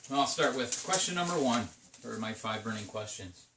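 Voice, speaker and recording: A man's voice: mid-range voice, lively intonation, normal speed, pushed and bright, reverberant, far from the mic, a little hiss or hum. A man talking through his league's trade-deadline day in a rambling, casual solo commentary, full of fillers and restarts. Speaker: video game league commentator.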